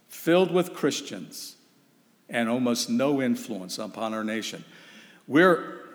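A man preaching a sermon, emphatic and urgent, putting rhetorical questions to his listeners. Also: medium pitch. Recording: long reverb of a hall.

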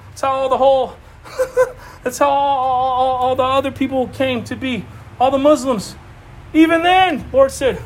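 A man preaching an informal sermon, animated and emphatic, repeating phrases and laughing often. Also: extremely high pitch, a little slow. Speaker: preacher teaching a Bible study.

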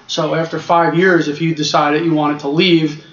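A man's voice: fairly high pitch, little pitch movement, fairly bright tone. A man in his forties, an iron worker guest, talking frankly and stumbling over the first words of his sentences. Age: 40s. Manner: fast, frank, repeats himself when starting. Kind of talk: casual interview chat. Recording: echoey and lo-fi with clear noise.

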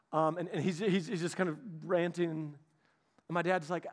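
A young man preaching a sermon, telling a personal story and acting out the voices of the people in it, going from loud to hushed. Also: fairly high pitch, moderate pace, long pauses. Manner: animated, acts out quoted voices, shifts from loud to hushed. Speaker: pastor's son preaching.

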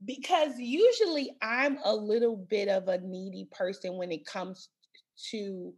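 A woman in her thirties chatting casually, telling stories in an animated way and laughing through her words. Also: mid-range voice, a little slow, slightly rough. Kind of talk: casual chat.

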